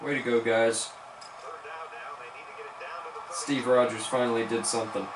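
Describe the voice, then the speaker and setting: A man giving live commentary on his football video game, excitedly cheering on and scolding his players as he plays. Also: medium pitch, unhurried. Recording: echoey room with background noise.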